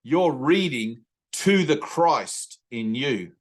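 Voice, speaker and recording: A man's voice: mid-range voice, expressive. Earnest Australian man teaching on a video call. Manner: earnest, intimate, slows right down for emphasis. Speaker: spiritual teacher. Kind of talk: satsang teaching talk.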